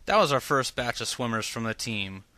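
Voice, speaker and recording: A man hosting a radio show, reading scripted links in an even, measured announcer delivery. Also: medium pitch, heavy background noise. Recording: music bed under the voice.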